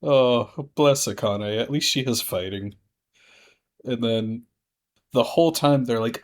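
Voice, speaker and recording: A man's voice: mid-range voice, expressive, slow, pauses often. A man chatting casually on a podcast, joking loosely and laughing often. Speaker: podcast panelist. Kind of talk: casual chat.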